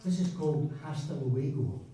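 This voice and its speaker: A man with a fairly high voice introduces a song from a folk club stage, halting and chatty with plenty of ums. He sounds far from the mic in a very echoey room, with loud guitar behind him. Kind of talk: live stage patter between songs.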